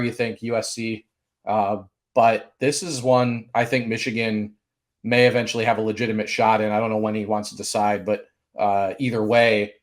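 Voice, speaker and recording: A man co-hosting a sports podcast, speaking in a measured way with frequent filler sounds. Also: on the low side. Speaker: recruiting analyst co-host. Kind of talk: casual sports podcast chat.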